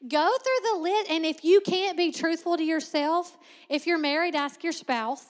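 High-voiced woman preaching in a reverberant hall. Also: unhurried. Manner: lively, laughing asides, teaching tone. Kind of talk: sermon.

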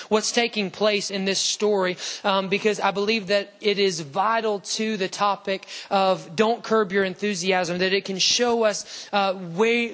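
A man's voice: high-pitched, a bit bright. A man preaching a fervent sermon as pastor, calling on the congregation to respond. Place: church sanctuary.

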